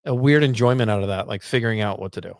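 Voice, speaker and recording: A man's voice: on the low side, racing, vocal fry, dry recording, studio quality. A man co-hosting a casual backpacking chat, telling stories and acting out what he said. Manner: animated storytelling, acts out quotes. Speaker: podcast co-host.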